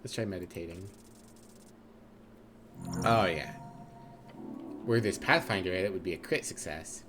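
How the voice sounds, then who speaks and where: A man's voice: deep voice, unhurried, background noise. A man streaming a video game, reading its text aloud and slipping into character voices with playful asides.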